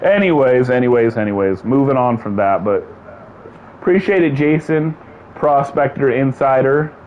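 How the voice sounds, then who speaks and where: Casual podcast co-host, man, excitable, laughs a lot, slightly dull lo-fi sound, faint room hum. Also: medium pitch, moderate pace. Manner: animated, laughing, repeats himself. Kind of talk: casual chat.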